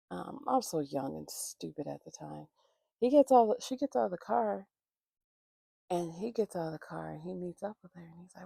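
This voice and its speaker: Woman vlogger, heavy vocal fry, casual profane storytime, dry close mic. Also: lowish voice, animated, a little fast, mellow, dry recording. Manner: rambling, profane, acts out quoted voices. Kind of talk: casual storytime while doing makeup. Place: at home, morning makeup routine.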